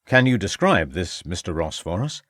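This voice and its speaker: A man's voice: low voice, big pitch swings, normal speed, a bit bright, no room sound, clean studio sound. A man voicing a formal, insistent police inspector in a crime audiobook. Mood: probing. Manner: formal, precise, insistent questioning. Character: sharp, probing male police inspector.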